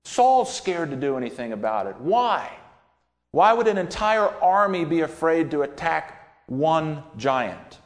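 A man preaching a sermon in a folksy, animated storytelling manner, acting out quotes from scripture stories. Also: fairly high pitch, unhurried.

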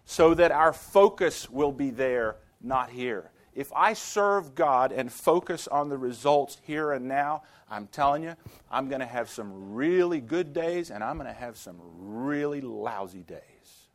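A man's voice: medium pitch, animated, unhurried. A man preaching a sermon to students, telling stories and rising to emphatic exclamations.

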